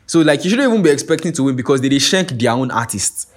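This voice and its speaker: A young Nigerian-accented man, talking loose and animated on his own podcast. He swears freely and keeps checking that the listener follows him. His voice sits at an ordinary male pitch. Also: fast. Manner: animated and profane, keeps asking "you get what I'm saying". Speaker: podcast host. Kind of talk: casual monologue.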